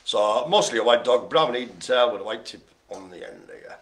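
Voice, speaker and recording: A man's voice: mid-range voice, animated, moderate pace. A man hosting a live bingo game, calling out numbers and rambling through jokey asides. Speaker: bingo host.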